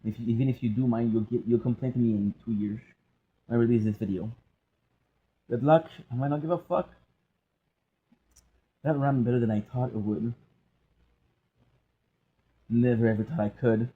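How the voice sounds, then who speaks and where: A man's voice: mid-range voice, fairly even intonation, normal speed, pauses often, breathy edge, narrow, tinny audio. A young man vlogging in a loose, joking monologue, rambling and cutting himself off, now and then singing bits of songs. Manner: joking, self-interrupting, breaks into singing song lyrics. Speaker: gaming and movie vlogger. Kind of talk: rambling casual monologue with sung snippets.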